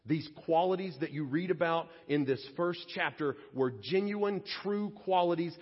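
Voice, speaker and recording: A man preaches in a folksy, conversational way, slipping into little acted scenes. His voice sits fairly high with a husky edge. The recording is dull and lo-fi, with a long reverb trailing through the church. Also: normal speed. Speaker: pastor. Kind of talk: sermon.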